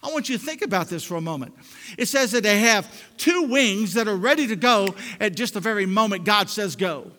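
Male pastor preaching, high voice, dynamic swings from hush to loud, church reverb. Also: animated, brisk. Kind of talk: sermon. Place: church sanctuary.

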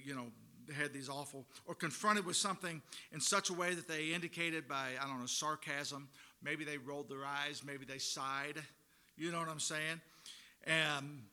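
Middle-aged guy preaching, chatty and loose, bright slightly high voice. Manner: conversational preaching with frequent restarts. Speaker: pastor. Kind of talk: sermon.

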